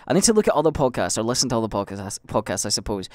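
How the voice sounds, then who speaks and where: Racing along with big swings in pitch around a medium level, a young Scottish podcast host and livestreamer rambles casually by himself, swearing, restarting, and using fillers. The clean studio audio has no echo.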